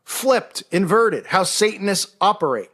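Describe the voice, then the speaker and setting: A man's voice: sits high, lively intonation, a little slow, fairly bright tone. A man hosting a casual monologue show, talking in a sarcastic, mocking way. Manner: sarcastic, mocking impressions of others. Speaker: host.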